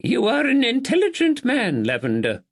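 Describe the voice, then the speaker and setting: Lady Anne, a man doing a high imperious old lady. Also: wildly swooping pitch, moderate pace, full character voice. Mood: commanding. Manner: commanding, formal and clipped. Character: imperious elderly aristocratic woman in a bath chair.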